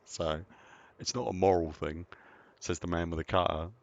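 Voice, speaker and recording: A man's voice: low voice, little pitch movement, moderate pace, highs cut off. A man casually chatting while live-streaming a game, rambling and answering viewers as he plays.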